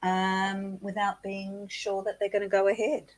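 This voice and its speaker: A woman's voice: medium pitch, completely flat delivery, measured pace. A woman co-hosting a live chat stream, talking in a teasing, conversational way. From Australia. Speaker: co-host.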